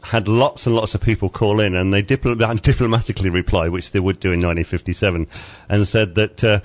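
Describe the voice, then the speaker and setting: A man's voice: on the low side, fairly even intonation, a little fast. A man hosting a radio show, reading a casual sports roundup with frequent fillers and chuckles. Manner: chatty, chuckling, lots of uhs while reading results.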